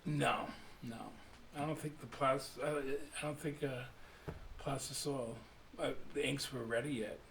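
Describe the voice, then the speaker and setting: A man, a street artist guest on a radio talk show, chatting casually and rambling with many fillers, getting animated when telling stories. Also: medium pitch, a little slow, gravelly. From United States. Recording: roomy, distant mic, faint hum.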